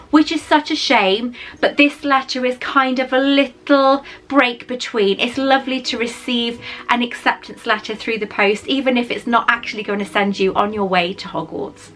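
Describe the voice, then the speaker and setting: A woman's voice: a little high, fairly bright tone, low-quality recording. A young woman vlogging casually, chatty and effusive, with frequent fillers and laughs. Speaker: YouTuber. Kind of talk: casual vlog chat.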